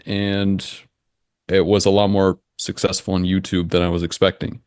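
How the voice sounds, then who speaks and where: A young adult man answering interview questions in a measured, matter-of-fact way, thinking aloud as he explains. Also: low-pitched, flat delivery, darkish tone, clear, resonant tone, no echo, studio quality. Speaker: interview guest, engine simulation creator.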